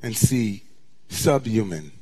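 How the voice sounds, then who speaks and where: A man's voice: fairly low pitch, expressive, slow, slightly rough. Man preaching a dramatic sermon. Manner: dramatic, swinging from hushed near-whispers to impassioned declamation. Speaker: rabbi.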